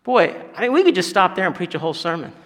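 A man with a high, light voice delivers a sermon. He moves from quiet, drawn-out phrases to loud, emphatic bursts. The sound carries a long reverb, like a church hall. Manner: animated, swings from hushed to loud. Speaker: pastor.

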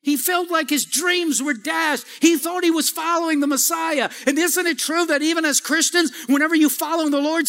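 A man with a very high, bright and forceful voice preaches a sermon. He calls out for responses and climbs to shouting peaks. The sound carries a long hall reverb from the church. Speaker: pastor. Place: church sanctuary.

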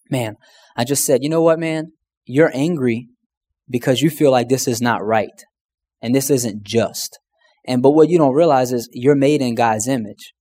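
A man's voice: medium pitch, a little mellow. A man, a pastor who tells a testimony story earnestly and conversationally. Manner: earnest, conversational, says "man" and "you know" often.

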